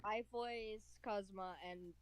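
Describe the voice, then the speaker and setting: A woman's voice: medium pitch, steady tone, unhurried. A woman talking casually in a group voice call, often stopping to restart and repeat her words. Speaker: friend in voice chat. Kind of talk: casual chat.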